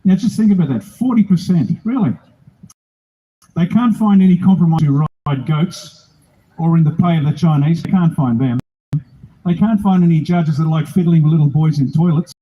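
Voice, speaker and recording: A man's voice: on the high side, moderate pace, mellow, breathy edge, poor audio. Blunt older Australian man, rally speech. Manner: blunt, rousing, jokey. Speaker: political speaker at a rally.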